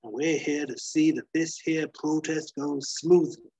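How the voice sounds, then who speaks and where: A man voicing a gruff, folksy lawyer with a husky drawl. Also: a little high, fairly even intonation, unhurried, mellow, dry recording. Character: gruff male lawyer with a rough look.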